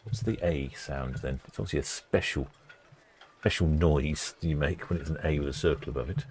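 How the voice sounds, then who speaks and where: A man's voice: very deep voice, normal speed, darkish tone, a little hiss or hum. A man hosting a live stream, chatting casually, musing aloud and wryly reading out viewer comments.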